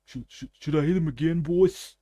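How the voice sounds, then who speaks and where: A man's voice: on the high side, normal speed, mellow, slight background noise, voice pushed up, natural voice. A man putting on a dim New York tough-guy henchman voice with a put-on New York accent, stammering and nasal. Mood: eager.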